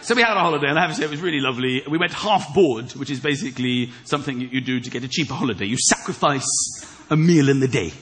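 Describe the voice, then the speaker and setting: A man hosting a comedy show, doing a stand-up routine with animated delivery, acting out voices and shouting punchlines. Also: mid-range voice, rapid-fire. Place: large theatre with live audience. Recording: loud crowd laughter and noise.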